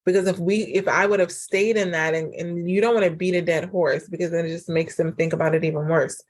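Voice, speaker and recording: A woman hosting a casual solo podcast as a relationship coach, chatty and animated, full of fillers. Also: lowish voice, fairly quick. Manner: chatty and animated, acts out quoted dialogue; frequent fillers like "like" and "um".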